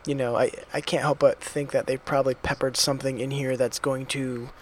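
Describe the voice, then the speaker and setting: A man's voice: mid-range voice, level tone, brisk, slight background noise. A man co-hosting a casual film podcast, musing aloud in an easygoing way. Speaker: podcast co-host.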